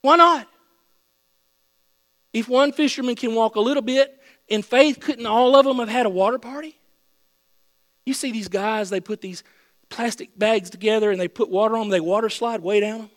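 A man preaching a sermon with a high-pitched voice, telling the story playfully and building to excited shouts. His voice carries through a large hall with long reverb, and a faint mains hum runs underneath. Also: normal speed, pauses often.

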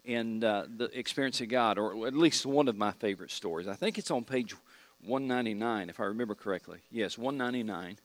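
A man's voice: fairly low pitch, fairly quick, no echo. Man teaching a church Bible class. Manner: asks the class questions and repeats key points.

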